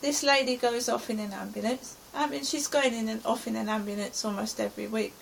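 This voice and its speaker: A woman's voice: a little high, steady tone, fairly quick, creaky, slight background noise, rough recording. A middle-aged woman from England giving an anxious, rambling account of her day as a personal diary. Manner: anxious, rambling present-tense retelling. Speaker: vlogger.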